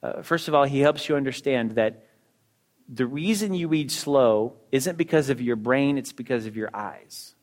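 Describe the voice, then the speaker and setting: Discussing a book on reading, a middle-aged teacher speaks straight to his listeners in a casual, conversational way, dropping quick asides and rhetorical questions. His mid-range voice is expressive.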